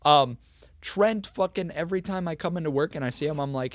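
A man's voice: on the high side, brisk. A young man co-hosting a casual comedy podcast, cursing freely and acting out quotes as he tells stories. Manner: swearing, animated storyteller, acts out quotes. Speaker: podcast co-host.

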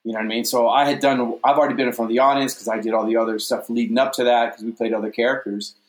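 A man telling a stage story in a casual interview, animated and often repeating "you know what I mean". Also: medium pitch, very fast, roomy sound. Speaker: guest, stage performer.

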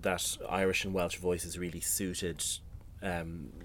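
Low-voiced rambling male interviewer. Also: flat delivery, slow pace, fairly bright tone, a little hiss or hum. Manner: rambling, hesitant questions. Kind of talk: interview questions.

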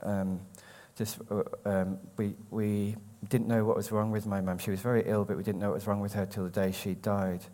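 An English man, a poet, reading his poems slowly and carefully, with hesitant, halting talk between them. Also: lowish voice, flat delivery, dark tone. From England. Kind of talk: poetry reading with spoken introductions.

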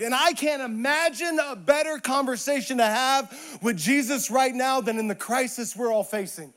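High-voiced man preaching a sermon. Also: expressive, normal speed. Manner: swings between hushed intimate asides and shouted emphatic peaks; repetitive preaching cadence. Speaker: pastor.

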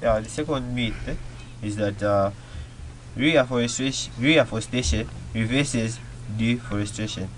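Young man, radio panelist, quiet voice, halting reading, mid pitch. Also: slight background noise, low-quality recording. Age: young adult. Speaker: youth panelist. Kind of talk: reading aloud on a radio show.

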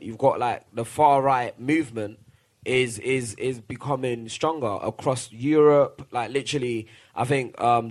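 A man's voice: mid-range voice, a little mellow. A man in a casual group discussion, making his points with rising emphasis. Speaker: panel guest.

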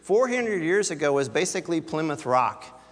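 A man's voice: on the high side, big pitch swings, normal speed, in a large hall. A man preaching a sermon as pastor, talking in a conversational way and putting scripture into everyday words.

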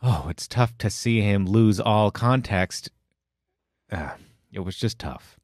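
A middle-aged man in casual conversation, telling family stories with relaxed, dry humor. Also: fairly low pitch, slow, no echo. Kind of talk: casual chat.

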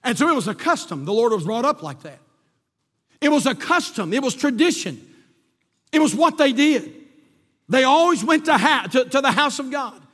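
A male pastor preaching a sermon with passion, swelling and then dropping to quiet emphasis, in a church sanctuary. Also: very high voice, big pitch swings, moderate pace, pauses often. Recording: long reverb of a church hall.

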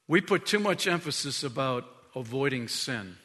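A man preaching a sermon as pastor, telling stories with emphasis, dropping to a hush and rising to loud calls. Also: medium pitch, animated, moderate pace, in a large hall. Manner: emphatic storytelling preacher, swinging from hushed to loud. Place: church sanctuary. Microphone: stage mic.

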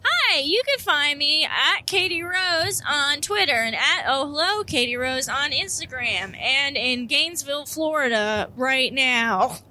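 A woman guesting on a podcast in a moving car, telling deadpan jokes in a casual chat. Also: sits high, measured pace, few pauses, a little hiss or hum.

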